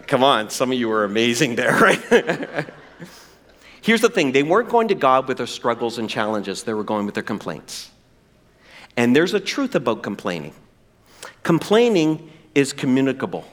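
Male pastor, high and lively voice, preaching with playful energy. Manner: animated, acts out whiny voices for effect. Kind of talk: sermon.

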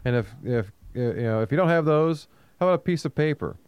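Chatty man with a smooth, dry voice. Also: medium pitch, animated, brisk, a little mellow, no echo. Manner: chatty, repeats words, laughs easily. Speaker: co-host. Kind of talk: casual radio talk.

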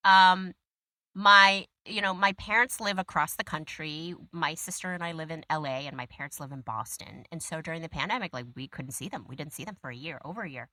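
Gushing, animated woman with a bright voice. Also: sits low, fairly quick, no room sound. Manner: animated, gushing storyteller, heavy use of "like". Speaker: interview guest. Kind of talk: casual conversation.

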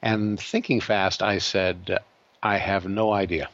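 A man's voice: sits low, slow pace, no echo. A man tells a story as an interview guest and acts out the voices in it with lots of energy. The sound is close and dry, with a slightly dull, muffled top end. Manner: animated, acts out quoted voices. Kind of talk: storytelling anecdote.

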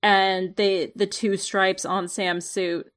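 A woman's voice: mid-range voice, little pitch movement, slow pace, fairly bright tone. A woman co-hosting a casual podcast, chatty and wry, with frequent "like" fillers. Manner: chatty, filler-heavy, sarcastic. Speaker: podcast co-host. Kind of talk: casual chat about a TV episode.

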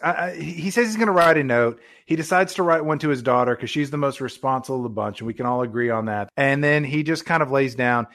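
A man's voice: medium pitch, fast, hardly any pauses, a bit bright. A man co-hosting a casual film review chat, joking and laughing often as he talks. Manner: jokey, laughs often while talking. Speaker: podcast co-host reviewing a film.

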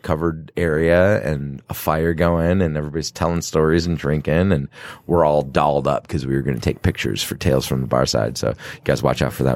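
A man co-hosting a casual podcast, a bartender who swears freely and tells animated stories, acting out customers' voices. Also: low-pitched, dry recording.

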